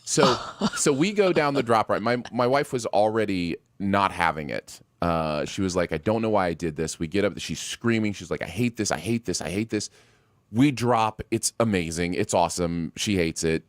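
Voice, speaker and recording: Man, middle-aged, low voice, dry close sound, relaxed amused anecdotes, casual co-host. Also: normal speed, no room sound. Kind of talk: casual live chat.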